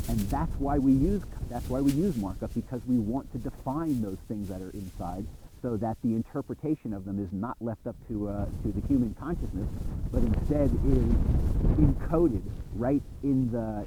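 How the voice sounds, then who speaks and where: A man's voice: medium pitch, noisy background. A middle-aged man giving a recorded university course lecture, talking in a conversational, reflective way with small restarts.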